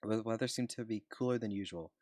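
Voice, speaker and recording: A man's voice: fairly low pitch, fast talker, darkish tone. A man reading fan fiction aloud in a plain way, with slips and restarts. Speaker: reader.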